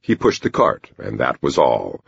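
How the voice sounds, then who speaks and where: A man narrating a novel in a measured storytelling manner. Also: very deep voice, huge pitch swings, vocal fry, breathy edge, no room sound. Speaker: audiobook narrator. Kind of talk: scripted narration. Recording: dull lo-fi recording.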